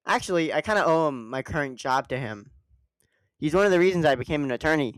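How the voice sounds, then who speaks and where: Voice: mid-range voice, expressive, fairly quick, smooth, no room sound. A game streamer doing a let's play voice-over, reading the rookie lawyer lines in a nervous voice and joking between them.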